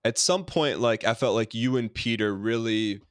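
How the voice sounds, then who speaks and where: A man's voice: medium pitch, normal speed, dry recording, studio quality. A man hosting a podcast, asking long rambling questions full of restarts and fillers. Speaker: podcast host. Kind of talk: casual interview talk.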